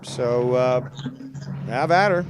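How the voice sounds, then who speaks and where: A man hosting a casual call-in livestream, rambling and sarcastic, cursing at his software. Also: mid-range voice, slow pace, noisy background. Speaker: livestream host.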